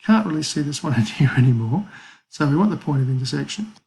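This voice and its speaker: A man's voice: a little high, animated, fast talker, creaky, a little mellow, a little hiss or hum, low-quality recording. A man teaching a maths lesson, talking casually through calculator steps and thinking aloud. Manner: casual, thinks aloud with fillers and small apologies.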